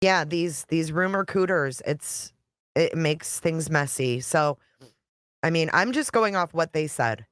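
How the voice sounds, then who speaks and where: A woman's voice: low-pitched, expressive, measured pace, clean tone, no room sound, studio quality. A woman YouTube creator talking casually on a live stream, chatty and blunt, reading viewer comments and swearing now and then.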